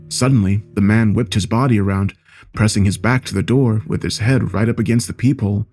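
A man reading a scary story aloud in a measured, steady storytelling voice. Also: on the low side, faint music behind. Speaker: narrator. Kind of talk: scripted horror story narration.

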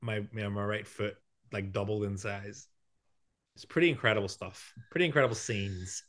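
A man co-hosting a podcast, telling a travel story in quick, rambling, self-mocking bursts. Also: on the low side, a bit bright. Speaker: podcast co-host. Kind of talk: casual storytelling chat.

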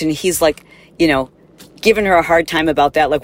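A woman hosting a podcast, telling an animated, exasperated story in a casual monologue and acting out the people in it. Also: low voice, a little fast. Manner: animated, exasperated, acts out quotes. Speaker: podcast host.

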